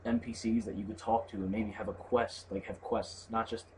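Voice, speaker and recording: A man's voice: fairly low pitch, flat delivery, moderate pace. A young man reading on-screen game text aloud in a loose, mumbling way, then chatting casually about the game. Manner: reads in a loose, mumbling way, skips words, laughs and swears. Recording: faint background noise.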